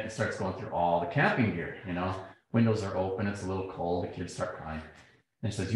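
A man's voice: sits low, brisk, a little hiss or hum. Man telling stories in an echoey hall. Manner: animated, acts out quoted exchanges. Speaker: speaker. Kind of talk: public talk with storytelling. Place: lecture hall.

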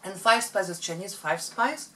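Chatty woman with a bright voice. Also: medium pitch, lively intonation, normal speed, a little hiss or hum. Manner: chatty, explains cooking tips between bites. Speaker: mukbang co-host. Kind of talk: casual eating-show chat.

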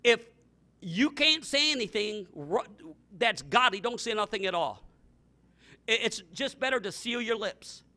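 A middle-aged male pastor preaching a fervent sermon, repeating himself and breaking into sudden loud outbursts. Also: high-pitched, animated, a little slow.

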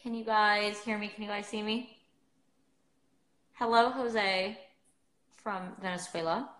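A woman's voice: mid-range voice, fairly even intonation, takes it slowly, a bit bright. A young woman hosting a casual livestream from her phone, bubbly and chatty, with lots of filler words. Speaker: livestream host. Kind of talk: casual chat. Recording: roomy echo.

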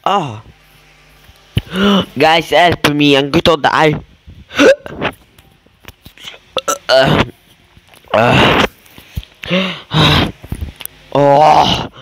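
A man doing casual gameplay commentary as a gaming YouTuber, erratic and exclamatory, swinging between mumbles and yells. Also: fairly high pitch, very slow, pauses often, a little hiss or hum, poor audio.

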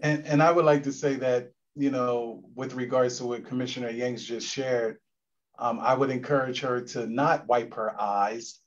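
A man's voice: medium pitch, fairly even intonation, normal speed. Solemn man giving closing remarks. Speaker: commission official closing the event. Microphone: video call. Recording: dull lo-fi call audio.

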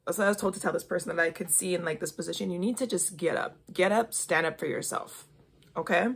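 A young woman talks to her listeners in a relaxed, spiritual chat. Her voice sits a little low with a breathy, husky edge. She speaks with emphatic encouragement and keeps checking in with a quick "okay?". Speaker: podcast host giving intuitive readings.

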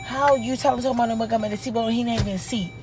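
A woman's voice: fairly high pitch, fairly even intonation, racing, over music. A tipsy young woman in her twenties from Baltimore, ranting and cursing while she vlogs from a parked car. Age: 20s. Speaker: vlogger. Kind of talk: casual vlog chat. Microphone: handheld camera.

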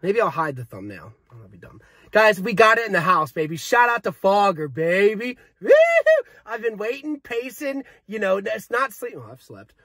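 A young man talks straight to his viewers in an excited vape review full of jokes. His voice sits high and sounds bright and forceful. The sound is dry and close, with no room echo. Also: moderate pace. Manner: hyped, joking, talks to the viewers. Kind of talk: casual product review vlog.

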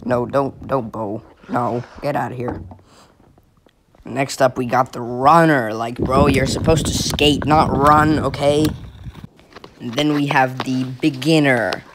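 A man's voice: mid-range voice, steady tone, takes it slowly, background noise. A young man from Finland giving mocking, exasperated comic commentary over a video. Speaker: comedy video creator.

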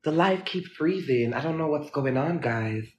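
Guy doing a phone live at night, kinda high voice, dramatic and jumpy, roomy echo. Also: animated, moderate pace, a little mellow, slight background noise. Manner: dramatic, jittery, gushes at viewers. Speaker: livestream host. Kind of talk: casual live-stream chat. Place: dim room at home at night. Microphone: phone propped against a mirror. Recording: echoey, dull lo-fi phone audio.

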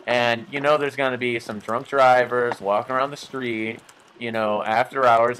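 A man's voice: mid-range voice, level tone, moderate pace, slight background noise, poor audio. A man hosting a game let's play, talking casually with rambling, jokey, self-mocking asides. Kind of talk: casual gameplay commentary.

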